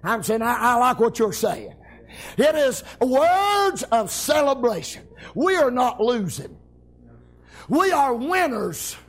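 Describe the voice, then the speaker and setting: High-voiced hollering preacher man. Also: very animated, takes it slowly. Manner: hollering, exuberant Southern-style preaching with shouted amens. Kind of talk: revival sermon.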